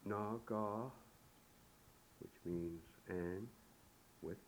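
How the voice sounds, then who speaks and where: A man giving a recorded language lesson, saying the sounds slowly and deliberately, one syllable at a time. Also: lowish voice, low-quality recording. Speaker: language teacher. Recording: old tape recording with faint hiss.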